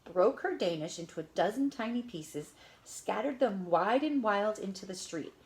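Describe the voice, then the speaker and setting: A woman reading a children's picture book aloud in an expressive, lively storytelling manner. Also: medium pitch, normal speed. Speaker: storybook reader.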